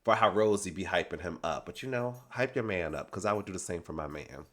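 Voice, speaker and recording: Man, lowish voice, for a sassy, animated reality TV recap vlog. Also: a little fast. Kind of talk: casual reality TV recap commentary.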